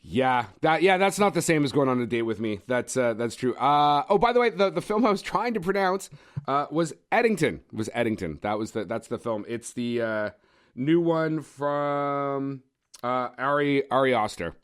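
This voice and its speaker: A man with a lively, swooping voice hosting a movie podcast. He jokes and teases his co-host, drifting off-topic and then pulling back, all in a casual tone at an ordinary pitch. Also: normal speed, clear, resonant tone. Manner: joking, teasing, easily distracted. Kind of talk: casual chat.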